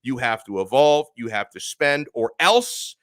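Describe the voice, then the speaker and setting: Guy hosting a live sports stream, bright punchy voice, dry close sound, gets loud and emphatic. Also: medium pitch, a little slow, no echo. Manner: animated, emphatic, reads chat comments. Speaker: sports talk host.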